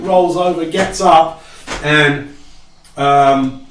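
Unhurried man narrating a tabletop game. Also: medium pitch. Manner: slow, unhurried storytelling with lively intonation. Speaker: game master, father. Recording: roomy, distant, noisy home recording.

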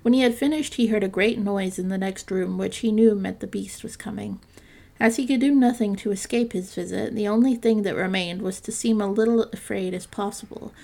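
A woman narrating a classic fairytale in a calm, measured storytelling reading. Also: medium pitch, creaky.

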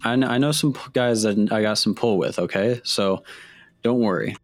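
A man with a very deep voice, recorded dry and close, playing his character in a tabletop game. He talks casually and stammers and restarts as he goes, with faint music behind him. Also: moderate pace, no echo. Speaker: player.

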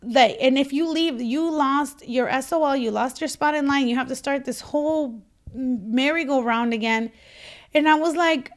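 Animated woman host, slightly high voice, casual anecdote-style delivery. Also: normal speed. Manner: animated, laughing, acts out quotes. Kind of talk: casual storytelling chat.

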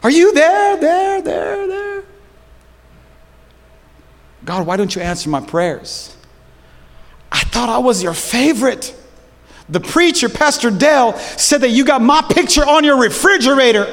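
A man acting out a desperate man pleading loudly in prayer, shouting and comically exaggerated. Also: very high-pitched, lively intonation, moderate pace, voice pushed up, full character voice. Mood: whiny complaining. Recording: long hall reverb.

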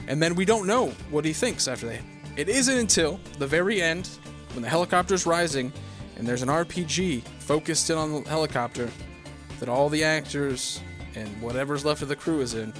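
A man's voice: a little high, expressive, normal speed, over music. A man casually recapping a movie plot, rambling and swearing a lot, now and then acting out lines in silly voices.

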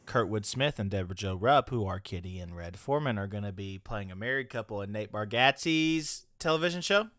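A man's voice: lowish voice, expressive, a little fast, few pauses, a bit bright, dry recording, clean studio sound. A young man co-hosting a podcast in casual chat, rambling through stories and laughing often. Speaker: podcast co-host.

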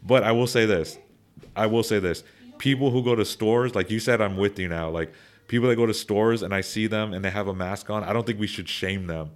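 Young guy, kinda low voice, rambling podcast talk, lots of restarts and "like"s. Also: brisk. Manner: rambling, many restarts and repeated words, animated asides. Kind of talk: casual opinion chat.

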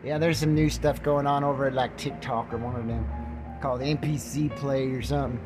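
A man's voice: mid-range voice, fairly even intonation, fairly quick, music in the background, rough recording. Rambling joking man on his podcast. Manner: joking, self-mocking, jumps into put-on voices. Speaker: podcast host. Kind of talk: rambling casual monologue.

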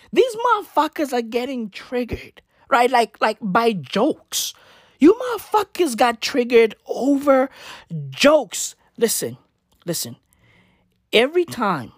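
A woman's voice: dry recording, clean studio sound. A woman vlogger delivering a profane, mocking comedic rant to camera. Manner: profane, mocking, with exaggerated pitch swings.

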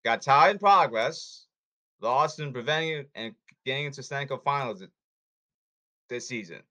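A man's voice: medium pitch, animated, normal speed, sharp tone. A man hosting a sports podcast who talks in a blunt, hectoring way and repeats himself, in a casual commentary monologue.

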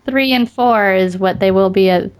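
Forties woman with a mid-range voice, lively and amused, a quick storyteller in relaxed conversation. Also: medium pitch, clean tone. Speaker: mother of a daughter and a son. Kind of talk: casual conversation.

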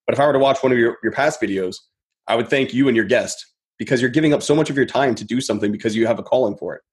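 A man's voice: mid-range voice, racing. Reflective man speaking as a podcast guest. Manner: rambling, reflective, many "you know" fillers and restarts. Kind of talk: casual podcast conversation.

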